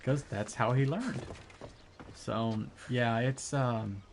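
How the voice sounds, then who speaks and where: A man talks casually to his chat while he plays, rambling along with plenty of fillers and restarts. His voice sits at an ordinary middle pitch. A faint noise hums behind him. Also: slow. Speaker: live streamer.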